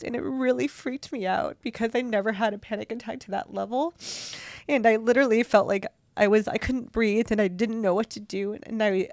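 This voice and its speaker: A woman co-hosting a podcast, talking in an emotional, halting way with many restarts. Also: mid-range voice, dry recording, clean studio sound. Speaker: podcast co-host. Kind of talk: heartfelt casual podcast chat.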